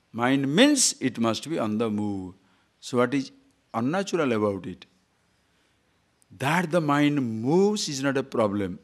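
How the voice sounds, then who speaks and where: A man from Odisha with an Odia Indian English accent, giving a spiritual discourse full of stories and rhetorical questions. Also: mid-range voice. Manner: animated, playful, rhetorical questions. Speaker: spiritual teacher.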